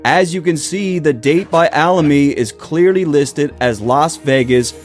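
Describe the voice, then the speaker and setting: A man giving measured scripted narration that walks through evidence. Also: fairly high pitch, faint music behind. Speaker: video narrator.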